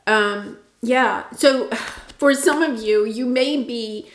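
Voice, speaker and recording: A woman with a high, light voice gives a tarot reading straight to her viewers. She talks in an earnest, meandering, heartfelt way. The sound carries a roomy echo. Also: slow pace. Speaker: tarot reader. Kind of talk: intuitive tarot reading to camera.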